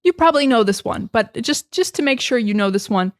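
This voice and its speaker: A woman's voice: fairly high pitch, expressive, brisk, no room sound, clean studio sound. A young American woman teaching English in a casual podcast style, chatty and full of fillers and restarts.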